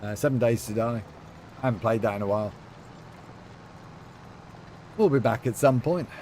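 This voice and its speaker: A man's voice: mid-range voice, moderate pace, darkish tone, slight background noise. A man streaming a farming game, chatting loosely with viewers and reading their messages aloud, with lots of fillers. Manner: rambling, reads chat aloud, many fillers. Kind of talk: casual livestream chat.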